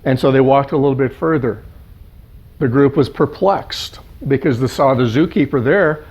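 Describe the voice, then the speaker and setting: A male life coach telling a parable in an animated storytelling manner, piling up lists of words. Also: medium pitch, normal speed, slightly rough. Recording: dull lo-fi sound.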